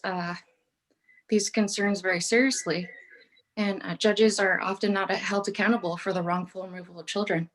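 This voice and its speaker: A woman's voice: mid-range voice, rough recording. Earnest woman pleading over a call. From Texas. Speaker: public commenter. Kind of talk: public testimony over a call. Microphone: remote call audio.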